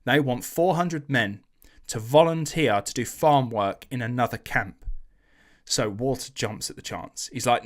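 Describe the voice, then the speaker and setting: A man hosting a podcast tells a history story in a loose, chatty way. He swears freely and slips into slangy voices when he quotes people. His voice sits at an ordinary middle pitch. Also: measured pace. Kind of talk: casual storytelling chat.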